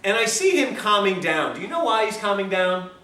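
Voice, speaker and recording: A man lecturing to a class, spinning stories and slipping into the voices of the people in them, with frequent laughs. His voice sits high and bright. The recording catches him from across an echoey room with faint background hiss. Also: a little fast, far from the mic. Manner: animated, acts out dialogue in stories, laughs often. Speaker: health lecturer. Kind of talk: storytelling lecture to a live class.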